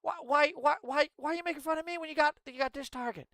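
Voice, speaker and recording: Man doing a high, whiny politician who pleads for pity, mocking. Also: fast talker, pushed and bright, no echo, clean studio sound, full character voice. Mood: whiny pleading.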